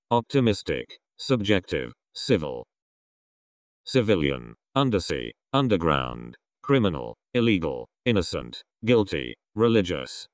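A man reading English vocabulary words one by one in a slow, measured list. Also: dry recording. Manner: slow, word-by-word list reading with rising pitch on some words. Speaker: vocabulary reader.

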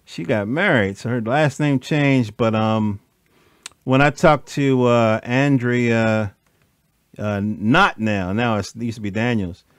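A man's voice: medium pitch, clean tone, dry recording, studio quality. A man hosting a casual conversation, laid-back and often tagging on "you know what I mean". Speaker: host.

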